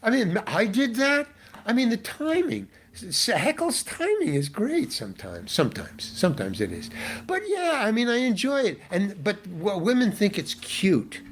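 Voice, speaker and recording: Older male actor, rambling and exasperated, pitch swinging widely, voice sitting a bit high. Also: normal speed, slight background noise. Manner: animated, rambling, frequent restarts, exasperated asides. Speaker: guest actor. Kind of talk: casual interview storytelling.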